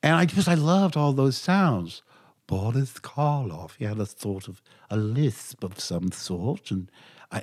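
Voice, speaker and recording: An older man, a voice actor, telling lively anecdotes in an interview. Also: mid-range voice. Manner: animated anecdotes, quotes himself in lively voices. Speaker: voice actor guest. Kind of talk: interview storytelling.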